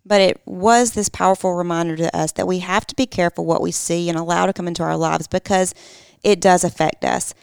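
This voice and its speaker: A woman in her thirties co-hosting a podcast, speaking in an earnest, measured way in casual conversation. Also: lowish voice, fairly even intonation, vocal fry, clear, resonant tone, no room sound. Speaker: podcast co-host.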